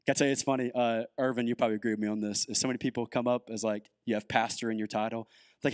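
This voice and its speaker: A man's voice: mid-range voice, fairly even intonation, racing, smooth, no echo. A man preaching as a guest pastor, talking casually with lots of fillers and building to emphatic peaks. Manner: conversational, many "like" fillers, rising to emphatic. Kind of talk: sermon.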